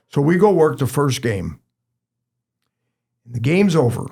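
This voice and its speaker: An older man from the St. Louis area, a retired basketball referee, telling lively anecdotes as a podcast guest. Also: mid-range voice, a little slow, gravelly, breathy edge. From St. Louis area, USA. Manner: lively anecdotal storyteller, acts out quotes. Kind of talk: casual storytelling chat.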